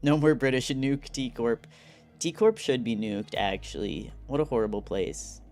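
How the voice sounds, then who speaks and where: A man's voice: medium pitch, moderate pace, a little mellow, soft background music. Chatty male game streamer. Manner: chatty, reads chat and game text aloud, laughs often. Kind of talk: casual live-stream commentary.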